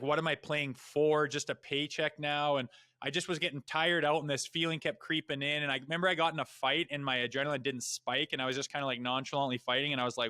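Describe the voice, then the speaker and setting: A retired hockey player appears as a podcast guest, telling blunt, profane stories in casual chat with animated asides. His voice sits on the high side with a clean tone, and the recording is dry.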